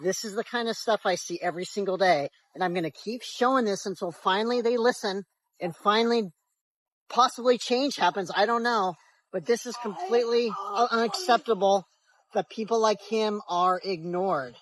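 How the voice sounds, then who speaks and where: A man's voice: high voice, moderate pace, a bit bright, poor audio. A man delivering earnest, indignant commentary while filming on the streets. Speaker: street video creator. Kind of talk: filmed commentary.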